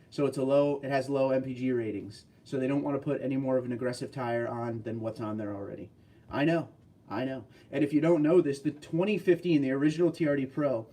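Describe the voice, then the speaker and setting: A man's voice: medium pitch, mellow, recorded from a distance. Chatty man hosting a livestream. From California. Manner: rambling, chatty, answers chat questions. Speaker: livestream host. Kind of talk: casual livestream chat reading viewer comments.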